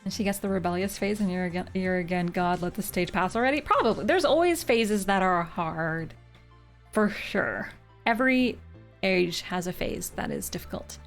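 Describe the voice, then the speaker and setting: A woman's voice: medium pitch, moderate pace. Giggly canadian-born woman streamer, mid-range voice, says "like" a lot, faint game music behind. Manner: chatty and giggly, saying "like" often. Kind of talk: casual chat with live viewers.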